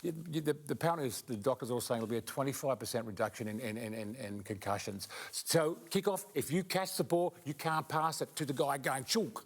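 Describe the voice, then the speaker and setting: An Australian man with a middle-pitched voice, chatting as a panel guest. He talks bluntly, calls people mate, and often repeats words and restarts his sentences. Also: animated, brisk, hardly any pauses. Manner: blunt, matey, repeats words and starts over. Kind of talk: casual panel chat.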